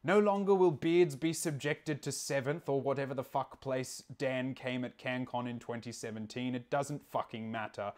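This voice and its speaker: A man reading a boastful statement aloud in a put-on British accent, with slow, mock-solemn, grandiose delivery. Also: mid-range voice, darkish tone, close to an everyday voice.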